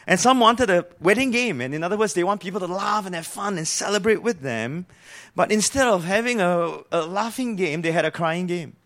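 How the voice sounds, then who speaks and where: High-voiced male preacher. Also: brisk, a bit bright. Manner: earnest, explanatory, asks the listeners questions. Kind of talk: sermon.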